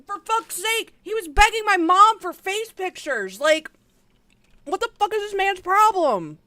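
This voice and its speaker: A woman's voice: extremely high pitch, measured pace, no room sound. A woman streamer giving blunt, swearing reaction commentary while she plays a game. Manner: animated, swears a lot, blunt.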